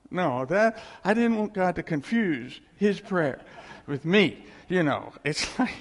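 A man's voice: high voice, unhurried, long reverb tail. A man preaching a sermon, telling stories and acting out the voices he quotes. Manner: animated storytelling, acts out quoted voices, chuckles.

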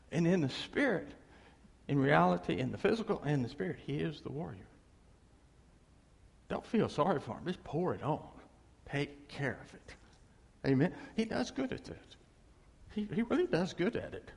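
A man preaching a sermon in a folksy, animated way, acting out noises. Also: high voice, in a large hall. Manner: folksy, animated, imitates motor sounds. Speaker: pastor.

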